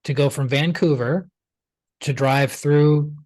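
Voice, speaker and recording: A man's voice: fairly high pitch, slow pace, dry recording. Chatty man telling a story, dry sound. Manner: chatty and animated, acts out quoted dialogue, many "like" fillers. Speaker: pranic healer, podcast guest. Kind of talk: storytelling in a conversational interview.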